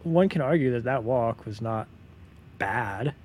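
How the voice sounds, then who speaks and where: Man, mid-pitched voice, earnest and emphatic, podcast co-host, faint hiss behind. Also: expressive, unhurried, darkish tone. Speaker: podcast co-host and yoga teacher. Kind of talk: unscripted casual conversation.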